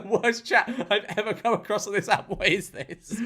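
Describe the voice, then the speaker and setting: Sarcastic man, lively pitch. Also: normal speed, creaky, few pauses. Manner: sarcastic, mocking, often laughing. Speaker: YouTube commentator. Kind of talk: reaction commentary.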